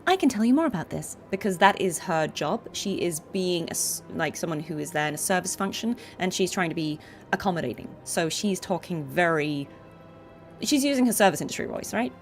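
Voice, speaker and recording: Female VO streamer, young adult, lowish voice, chatty explainer, faint music under. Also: fairly quick. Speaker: voice actor and gaming streamer. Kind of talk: casual gameplay commentary.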